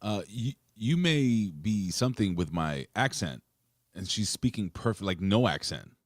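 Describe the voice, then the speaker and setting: A man with a low voice that swings widely in pitch co-hosts a wrestling podcast. He banters bluntly and swears freely. The recording is dry and close to the mic. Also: a little slow, no echo. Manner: blunt, profane, animated banter. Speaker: wrestling show co-host. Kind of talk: casual podcast chat.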